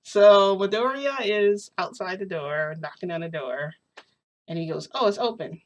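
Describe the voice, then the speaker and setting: A woman's voice: lowish voice, a little slow, muffled recording. A woman telling a casual story in a rambling, giggly way, full of fillers and restarts.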